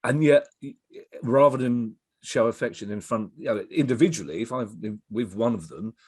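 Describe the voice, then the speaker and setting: A man's voice: medium pitch, normal speed, husky, no room sound, studio quality. A middle-aged man, a comedy writer chatting as a guest, telling stories in a rambling way and often restarting his sentences. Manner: rambling anecdotal storyteller, self-interrupting. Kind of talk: casual interview chat.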